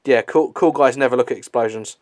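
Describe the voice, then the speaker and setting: A man's voice: medium pitch, fairly quick, a little mellow, no echo. A young man giving a casual movie commentary, chatty and swearing, with lots of fillers and laughs.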